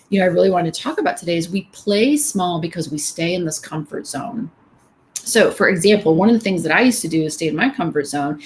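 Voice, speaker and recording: A middle-aged woman talks candidly to a room of women in an easygoing motivational style, her voice sitting at an ordinary middle pitch. A faint hiss of noise runs under the recording. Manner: candid, conversational, many fillers. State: tearful at times. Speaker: speaker at a women's event. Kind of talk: motivational talk.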